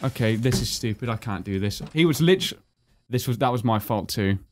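A man's voice: medium pitch, lively intonation, normal speed. A British man co-hosting a gaming video, chatting casually and muttering to himself as he concentrates on a horror game. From Britain. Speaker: gaming channel co-host. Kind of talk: casual let's-play chat.

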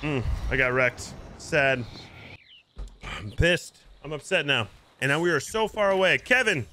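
Excitable high-voiced male streamer. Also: measured pace, slight background noise. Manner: excitable, indignant outbursts, talks to his chat. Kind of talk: live gameplay commentary.

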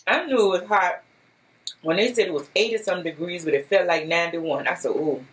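A woman's voice: on the low side, brisk, low-quality recording. Chatty woman hosting an eating show. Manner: chatty and upbeat, talks to viewers directly. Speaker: mukbang host. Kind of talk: casual chat while eating.

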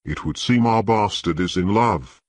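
Audiobook: man reading a contemptuous drill master, cold and cutting, low and dry. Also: normal speed, dry recording, close to an everyday voice. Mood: sneering. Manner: taunting, contemptuous. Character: cold, sharp-voiced, sneering male master-at-arms.

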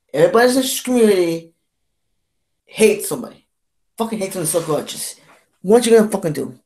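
A man's voice: high voice, animated, a little mellow. Rambling, cursing man ranting on camera. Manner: profane, repetitive, keeps saying "you know what I'm saying"; halting, with restarts and stammers. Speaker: vlogger.

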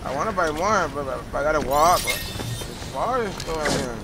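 A man's voice: on the high side, lively intonation, normal speed, over loud music. A man streaming a game live, rambling and swearing casually as he plays. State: out of breath. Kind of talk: casual live gameplay commentary.

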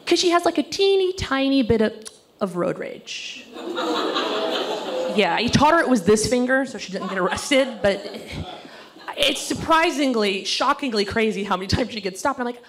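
A woman in her thirties performing a stand-up comedy set on stage, acting out other people's voices in quick bursts. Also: on the high side, expressive. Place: stage before a laughing audience.

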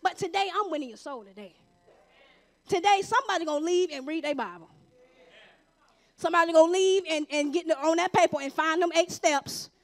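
A woman preaches a testimony in a church sanctuary. Her voice sits very high, and she talks to the congregation in a lively, conversational way, slipping into acted-out dialogue. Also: fairly quick, long pauses. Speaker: church member giving testimony. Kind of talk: testimony sermon from the pulpit.

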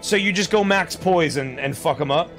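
A man's voice: fairly high pitch, moderate pace, over music. A young man casually commenting on his game stream. He rambles, swears freely and yelps in surprise at what happens on screen. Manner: excitable, rambling and profane; exclaims loudly at game events.

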